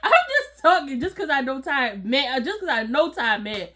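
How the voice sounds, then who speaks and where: A woman telling a personal story to her viewers in a casual, animated, slangy way, often breaking into laughter. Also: high voice, normal speed. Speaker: storytime vlogger.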